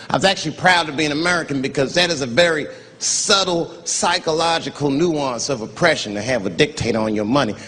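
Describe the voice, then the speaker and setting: A man doing a stand-up comedy routine on stage, telling animated stories and jumping into loud, high voices for the people in them. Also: slightly rough, in a large hall. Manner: animated storytelling with shouted, high put-on voices. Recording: live stand-up with noisy crowd ambience. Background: audience laughter.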